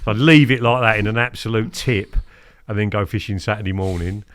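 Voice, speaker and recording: Low-pitched man in his fifties, lively anecdotal podcast guest, acts out quotes. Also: a little fast. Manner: animated, acts out quotes, keeps asking "do you know what I mean?". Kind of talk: casual storytelling interview.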